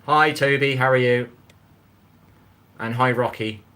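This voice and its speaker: A man hosts a casual cooking livestream from his home kitchen, sitting on a chair, in a mid-range voice that is bright and forceful, with fairly even intonation and a measured pace. He rambles, greets viewers by name, and doesn't hold back on swearing.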